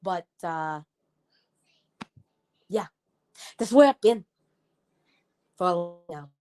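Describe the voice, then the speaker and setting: A woman's voice: fairly low pitch, lively intonation, slow pace, dark tone. A woman in her thirties hosting a casual livestream, chatting with viewers and getting heated as she rants. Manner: chatty, gets heated and ranty. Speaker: livestream host. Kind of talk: casual live chat with viewers.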